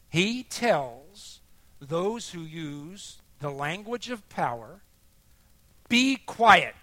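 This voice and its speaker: A man preaching a sermon, expressive and emphatic, dropping soft and then rising for emphasis. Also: high voice, no room sound.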